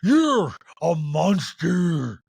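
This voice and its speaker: A man putting on a furious woman reality star, shouting slow, drawn-out threats. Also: a little high, sing-song, creaky, husky, no echo, exaggerated voice.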